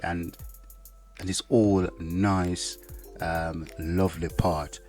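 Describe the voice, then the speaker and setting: A man's voice: low-pitched, flat delivery, drawn-out words, a little mellow, faint music behind. A man who is a soldier, talking casually to the camera in a rambling way, with lots of "yeah" fillers. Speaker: soldier and vlogger.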